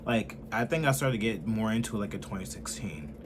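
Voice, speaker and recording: Young man ranting with wildly swinging pitch. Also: lively intonation, a little fast, background noise. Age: 20s. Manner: heated, profane, swings between loud outbursts and muttering. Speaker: political commentator. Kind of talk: profane ranting commentary.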